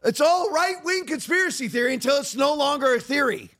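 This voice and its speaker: A man's voice: very high-pitched, animated, a little fast, a bit bright. A man hosting a podcast, giving heated, emphatic political commentary. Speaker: podcast host.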